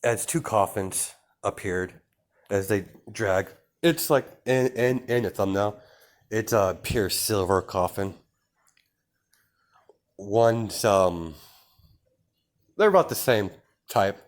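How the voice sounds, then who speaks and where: A man's voice: fairly low pitch, slow pace, long pauses. A man improvising a fan-fiction story, narrating hesitantly with many fillers and restarts.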